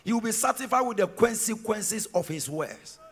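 A man with a Ghanaian accent preaching a sermon in church, breaking into shouts and sing-song cadences. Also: high-pitched, animated, moderate pace, slightly rough. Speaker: pastor.

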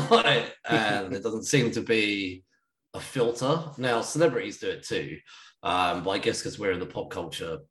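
A man's voice: on the low side, unhurried, a bit bright, reverberant, poor audio. A man co-hosting a podcast, chatty and laughing often, with lots of "like" fillers. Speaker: podcast co-host. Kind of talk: casual chat.

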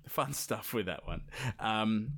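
A man's voice: fairly low pitch, lively intonation, takes it slowly, vocal fry, a bit bright. Joking man retelling a folktale. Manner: joking, swearing, lots of fillers. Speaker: podcast co-host. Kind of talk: casual storytelling chat.

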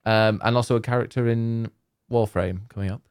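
A man's voice: mid-range voice, fairly even intonation, fairly quick, darkish tone, smooth. A man co-hosting a casual podcast chat, teasing his partner and reading out award nominees. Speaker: podcast co-host.

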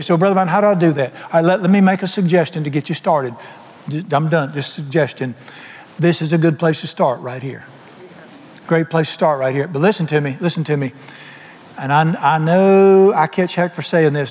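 A man's voice: on the high side, darkish tone. A man preaching a sermon in a church, folksy and humorous, with plain colloquial speech. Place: church sanctuary. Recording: long hall reverb, faint music.

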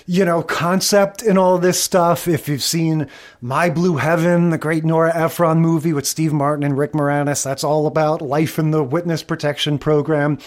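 A man with a notably high voice, co-hosting a casual podcast. He talks with enthusiasm and rambles. Now and then he acts out a line for effect. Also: steady tone, moderate pace. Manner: chatty, enthusiastic, acts out lines from shows. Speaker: podcast co-host. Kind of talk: casual chat.

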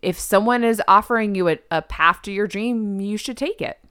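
A woman co-hosting a casual podcast chat, recapping a TV show and quoting characters in bright, exaggerated voices. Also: mid-range voice, normal speed, smooth, no room sound, studio quality. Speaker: podcast co-host.

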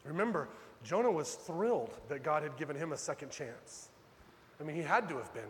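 A man preaching a sermon as pastor, dramatic, swinging from loud urgent pleas to hushed low lines. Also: expressive, a little fast, long reverb tail, slight background noise.

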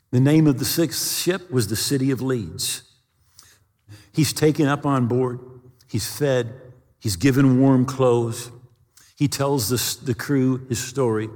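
A man preaching a sermon, telling a story with dramatic slowdowns and stammered restarts. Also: mid-range voice, a little mellow, husky, big-room sound.

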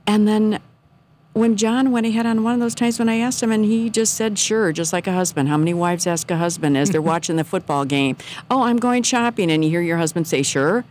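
A middle-aged woman telling a personal faith story in casual, earnest talk, animated when she quotes her own thoughts. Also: medium pitch, brisk, slight background noise.

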